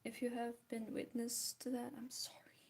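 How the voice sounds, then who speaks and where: A woman talks casually as she paints, teasing herself and now and then sinking into a soft whisper. Her voice sits a little high and sounds mellow. The talk is loose and chatty. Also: completely flat delivery, normal speed. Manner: chatty, self-mocking, drifts into soft whispers. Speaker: art vlogger. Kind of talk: casual chat while painting.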